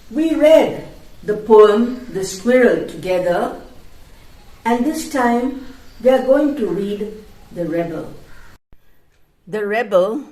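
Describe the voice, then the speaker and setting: A woman teaching an English lesson, reading a poem aloud to students and explaining words in a clear, measured way. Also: medium pitch, darkish tone. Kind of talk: slow, careful classroom reading.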